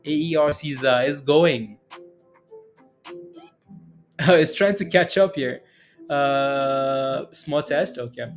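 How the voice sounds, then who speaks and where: A man's voice: on the high side, slow, pauses often, soft background music. A man hosting a casual day-trading livestream, talking through charts and answering chat questions, rambling with frequent chuckles and fillers.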